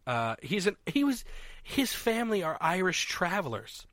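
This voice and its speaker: Animated man chatting casually. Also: sits high, normal speed, no room sound, studio quality. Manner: hesitant, laughs often, full of fillers. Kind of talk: casual chat.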